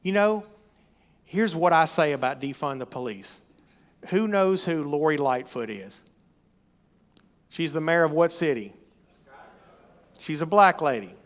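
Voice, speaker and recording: A middle-aged man preaching a sermon, emphatic and rising to loud exhortation. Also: on the high side, lively intonation, measured pace, long pauses. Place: church or meeting hall.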